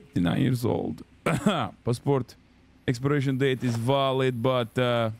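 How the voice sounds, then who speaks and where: A man streaming a game, giving casual commentary in a profane, excitable way. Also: medium pitch, unhurried.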